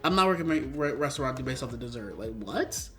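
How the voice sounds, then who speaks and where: A man's voice: medium pitch, animated, fast talker, fairly bright tone, faint music behind. A young man giving a casual, frustrated spoken game review, ranting with lots of fillers and restarts.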